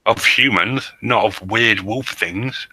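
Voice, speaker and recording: A man's voice: lowish voice, takes it slowly, pushed and bright, breathy edge, rough recording. A man co-hosting a podcast, reading the story aloud and needling his co-host with wry patience. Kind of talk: casual banter.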